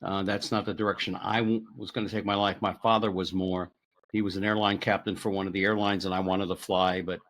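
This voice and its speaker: A man's voice: low voice, little pitch movement, fairly quick, fairly bright tone. Older guy hosting a podcast, chatty, goes off on his own stories mid question. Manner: chatty, rambling questions with personal asides. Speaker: podcast host. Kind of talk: conversational interview.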